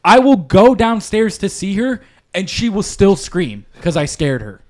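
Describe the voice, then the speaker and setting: A young man with a slightly higher voice rambles through a story on a casual podcast. He swears freely and slips into little acted-out quotes along the way. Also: very animated, a little slow, a little mellow. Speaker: podcast co-host.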